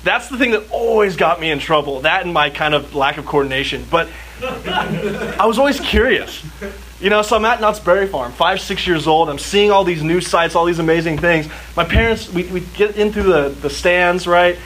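A man's voice: sits high, expressive, normal speed, fairly bright tone. A man from Southern California preaching to a live audience, telling a personal story in a chatty way with constant "like" and acted bits of his child self. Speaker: youth speaker. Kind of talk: storytelling sermon before an audience. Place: church gathering with live audience. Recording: audience noise in a hall.

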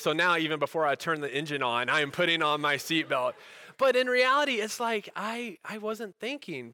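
Young male pastor, candid conversational sermon delivery; bright, crisp tone. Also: on the high side, dry recording. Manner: conversational, candid, self-deprecating.

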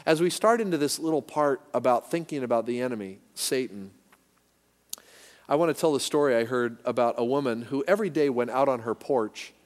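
A man preaching a sermon with emphasis, leading his congregation to repeat lines back. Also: medium pitch. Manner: emphatic, leads call-and-response. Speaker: pastor. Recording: echoey hall reverb.

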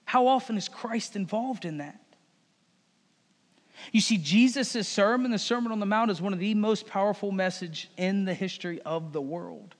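High-voiced pastor in an echoing hall. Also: male voice, moderate pace. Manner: direct, conversational, addresses congregation as folks and y'all. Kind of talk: sermon. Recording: long hall reverb.

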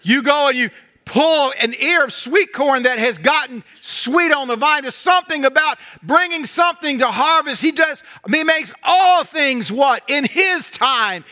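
Southern preacher, middle-aged man, high bright tone, folksy animated sermon delivery. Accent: Southern American. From North Carolina. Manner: animated storytelling, folksy humor, drops to soft intensity.

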